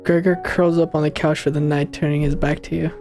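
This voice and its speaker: A man's voice: a little high, a little fast, soft background music. Slangy young man reacting to a game. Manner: casual slangy banter, excitable outbursts. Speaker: gaming channel host. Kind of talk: let's play commentary, reading game dialogue aloud.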